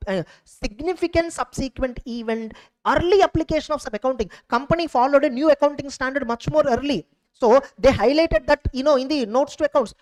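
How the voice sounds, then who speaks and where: A man's voice: very high voice, rough recording. A man with an Indian English accent giving an exam revision lecture. He speaks emphatically, repeats his points and keeps checking in with "correct?". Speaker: accountancy exam tutor.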